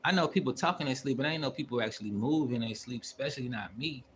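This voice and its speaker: A man's voice: medium pitch, fast, a bit bright, a little hiss or hum. A man hosting his own channel, telling a story in a loose, rambling, slangy way with heavy swearing. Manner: rambling, with many fillers and asides. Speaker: channel host. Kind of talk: casual spoken storytelling.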